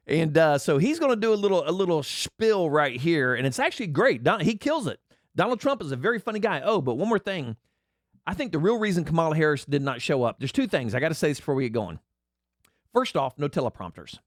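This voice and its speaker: A man's voice: fairly high pitch, fast talker, dry recording, studio quality. A man hosting a casual political commentary chat, joking and drifting off topic. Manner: animated, jokey digressions. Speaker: host.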